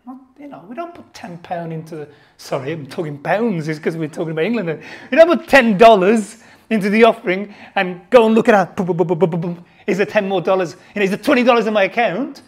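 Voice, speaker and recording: A man preaching a sermon at a church service, lively and conversational, full of jokes and asides. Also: high voice, quick pace.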